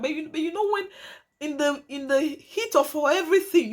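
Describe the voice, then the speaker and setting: High-voiced woman telling a dramatic story. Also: moderate pace. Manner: emphatic, calls viewers "guys", repeats phrases for drama. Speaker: vlogger telling a true story. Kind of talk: dramatic casual storytelling to viewers.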